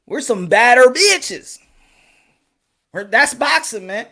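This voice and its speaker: Animated high-voiced man ranting. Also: slow pace. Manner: animated, profane, laughs often, acts out quotes. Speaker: boxing commentator. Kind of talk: casual monologue.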